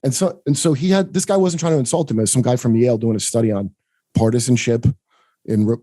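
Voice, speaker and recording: A man's voice: fast, warm tone, dry recording. A man hosting a podcast, rambling and profane in casual chat, often laughing and mimicking people. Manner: mimics people in higher voices. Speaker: podcast host.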